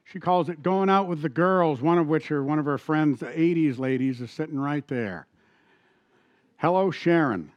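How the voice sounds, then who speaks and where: A middle-aged man preaching a sermon in a church, talking conversationally, asking the congregation questions and reading scripture slowly. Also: fairly high pitch, no room sound, highs cut off. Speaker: pastor. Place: church sanctuary.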